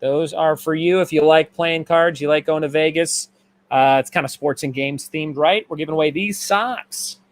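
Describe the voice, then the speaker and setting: A man's voice: fairly high pitch, fairly even intonation, moderate pace. A man hosting a live-streamed trivia night, reading out answers and questions and repeating them. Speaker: trivia host.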